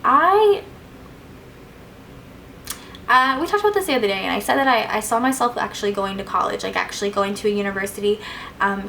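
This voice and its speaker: A woman's voice: mid-range voice, vocal fry, fairly bright tone, slight background noise, low-quality recording. A young woman answering viewer questions in a casual vlog, chatty and gushing, with plenty of "like"s and fillers. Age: young adult. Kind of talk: casual Q&A chat.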